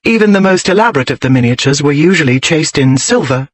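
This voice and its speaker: A male narrator voices a sharp-witted young lady, cool and unruffled, pitching her slightly above his own fairly high voice. Her lines are crisp, arch and precise, like a storybook romance, delivered fast with lively intonation. The recording is dry and close.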